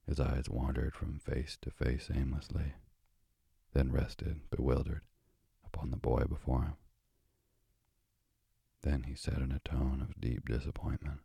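A man narrating a storybook aloud in a slow, measured way. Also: extremely low pitch, little pitch movement, vocal fry, warm tone, breathy edge, no room sound, studio quality. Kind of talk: audiobook narration.

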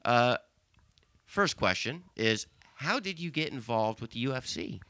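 Male host, animated pitch, bright crisp tone, chatty and laughing between questions. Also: measured pace, dry recording. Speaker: podcast host. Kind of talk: casual podcast chat.

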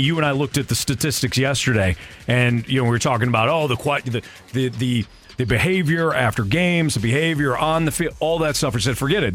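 A man hosting sports talk radio in a measured way, steering the conversation to the next topic. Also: mid-range voice, fairly bright tone. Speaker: radio host.

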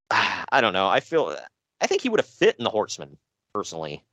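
A man's voice: fairly low pitch, normal speed, dry recording, poor audio. A man co-hosting a podcast, recapping and joking in loose casual chat. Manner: animated, jokey, loose. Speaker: podcast co-host.

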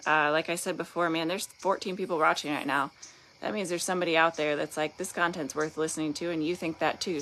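Low-voiced Southern woman, rambling candidly. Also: fairly bright tone. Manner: candid, rambling, self-deprecating. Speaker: painting business owner guest host. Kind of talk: casual livestream talk. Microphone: phone.

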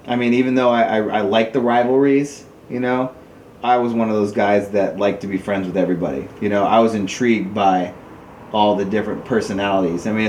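A relaxed man, a paintball player appearing as a podcast guest, tells stories in a casual chat, his voice jumping high whenever he quotes someone. He's recorded in an echoey room with a faint background noise.

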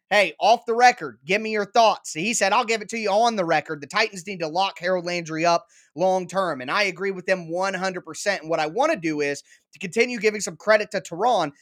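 A man's voice: high voice, moderate pace, fairly bright tone. A man hosting a sports talk show, making his case emphatically with repeated punchy lines and everyday analogies. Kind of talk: opinionated sports commentary.

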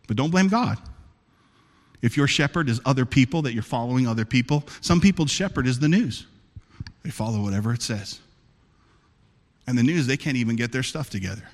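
A man preaching a sermon as pastor, calling out to his church and building to fervent shouts. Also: medium pitch, in a large hall. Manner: preaching, rising to fervent shouts, calls to the congregation.

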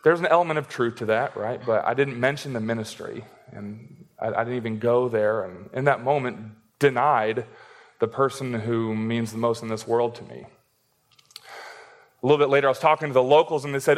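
A man's voice: mid-range voice, brisk. A young man preaching a sermon in a casual, joking way, laughing as he reads and explains scripture. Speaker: pastor.

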